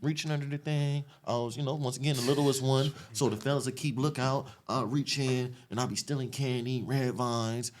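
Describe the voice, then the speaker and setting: A man from the Los Angeles area, a podcast guest retelling his past in an animated, streetwise, profane way. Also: mid-range voice, brisk, few pauses. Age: adult, after an 18-year sentence. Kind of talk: casual storytelling interview.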